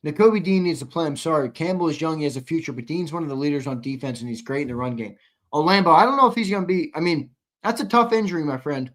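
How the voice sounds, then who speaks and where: Tired young guy hosting a sports stream, blunt, teases chat, kinda high voice. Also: fast talker. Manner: blunt, ribbing chatters, swings from mumbling to loud outbursts. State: tired, yawning. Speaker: live postgame show host reading chat. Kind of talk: casual livestream chat.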